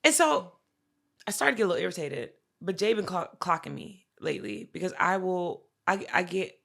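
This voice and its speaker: Woman podcast co-host with a bright, gravelly voice, an animated storyteller. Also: on the low side, a little fast. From Haitian family. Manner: animated, swears a lot, acts out quotes. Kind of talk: casual storytelling chat.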